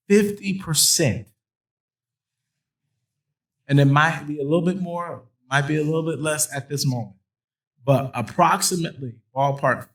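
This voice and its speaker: A man's voice: a little high, fairly bright tone, rough recording. Emphatic preaching-style male host. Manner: emphatic, repeats phrases for stress, playful asides. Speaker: host introducing a guest speaker. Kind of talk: preaching-style conference talk. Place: conference hall with an audience.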